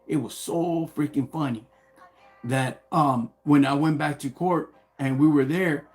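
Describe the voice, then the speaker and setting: A middle-aged man telling a personal story casually on a live stream, animated and slang-heavy, acting out what people said. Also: on the high side, measured pace, soft background music.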